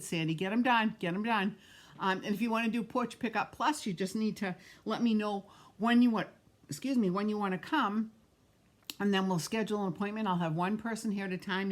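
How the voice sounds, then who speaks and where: A middle-aged woman, chatting with viewers by name while demonstrating a card-making craft on a live stream. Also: mid-range voice. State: has the hiccups.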